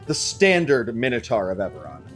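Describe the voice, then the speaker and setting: A man narrating as game master, animated and casual, who swears freely. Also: medium pitch, moderate pace, soft background music.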